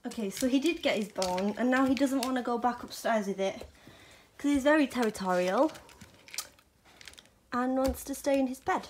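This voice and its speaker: Young woman, vlogger, playful pet baby talk, raised pitch, faint noise behind. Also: lively intonation, moderate pace. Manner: playful baby talk to a dog, frequent laughter. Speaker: vlogger showing her dog. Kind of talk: casual chat with her pet.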